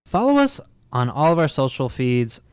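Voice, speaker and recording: Man, podcast host, very smooth clear voice, dry close sound, casual sign-off. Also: medium pitch, very animated, moderate pace, no echo. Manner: friendly sign-off, plugs social accounts.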